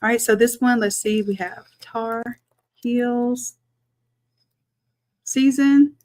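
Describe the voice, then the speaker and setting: A woman, a design instructor chatting through a live-streamed software tutorial, talking to viewers as y'all and thinking aloud as she works. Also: a little high, slow.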